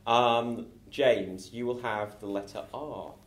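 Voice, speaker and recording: A chatty man hosts an improv comedy podcast, laughing easily as he sets up the games. His voice sits at a middle pitch. It rings with a roomy echo. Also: fairly even intonation, slow. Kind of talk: hosting a comedy improv game.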